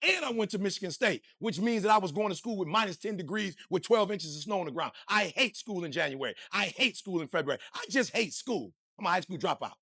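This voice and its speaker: Male motivational speaker, high and punchy, preaching to the crowd, dry sound. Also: fast talker, hardly any pauses, no echo. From Detroit, USA. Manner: energetic, preachy, slang-heavy, addresses the crowd directly. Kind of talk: motivational speech.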